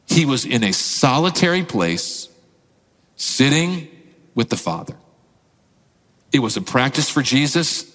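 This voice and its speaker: A man in his thirties, a pastor preaching a sermon, telling a family story with lively acted-out quotes. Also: medium pitch, a little slow, long pauses, long reverb tail. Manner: animated storyteller, acts out quotes, laughs often.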